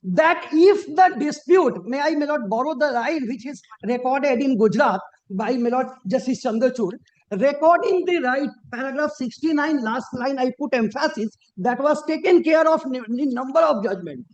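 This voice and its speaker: A man arguing formally before a judge as an advocate, deferential and halting, with frequent restarts and emphatic rises on key points. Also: extremely high pitch, expressive, highs cut off. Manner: deferential, peppered with repeated formal address to the bench. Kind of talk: formal courtroom argument. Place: courtroom.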